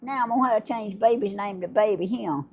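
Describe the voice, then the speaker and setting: An older woman, hosting a casual livestream and chatting warmly and effusively with her viewers, laughing often. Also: medium pitch, fairly quick, dull audio, slight background noise. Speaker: livestream host. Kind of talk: casual live chat unboxing gifts.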